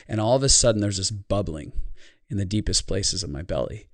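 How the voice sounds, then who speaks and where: A man's voice: on the low side, brisk, dry recording, clean studio sound. A man speaking as a guest on a podcast, telling a reflective personal story in an earnest tone. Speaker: podcast guest, life consultant. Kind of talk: podcast interview conversation.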